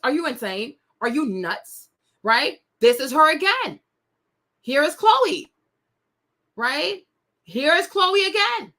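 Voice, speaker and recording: A young woman with a high, sharp voice hosts a celebrity gossip show. Her casual commentary is sassy and indignant, aimed straight at her viewers.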